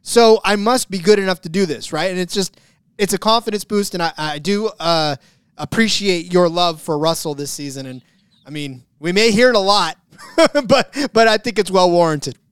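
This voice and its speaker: Man, podcast co-host, casual betting chat, rambling, jokey, smooth resonant voice, dry close sound. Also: high voice, normal speed, dry recording. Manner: rambling, self-correcting, jokey.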